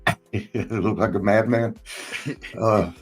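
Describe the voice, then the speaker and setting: A man's voice: fairly low pitch, fairly even intonation, slow, faint music behind, low-quality recording. A man hosting a casual chat, telling a long personal story in a rambling way, swearing often and laughing between lines. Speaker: podcast host and former wrestler.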